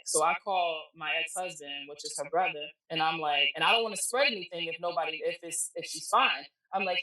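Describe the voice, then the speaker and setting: A woman's voice: deep voice, normal speed. A middle-aged woman telling a personal story as a podcast guest, blunt and emphatic, acting out the voices of people she quotes. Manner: animated, acts out quoted dialogue, emphatic and blunt. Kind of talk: emotional personal storytelling in casual chat. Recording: echoey room, distant mic.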